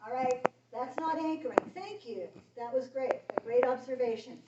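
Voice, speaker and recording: A woman's voice: sits high, normal speed. A woman vocal coach leading a vocal workshop, patiently talking singers through exercises and encouraging them. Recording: roomy, distant, muffled, noisy.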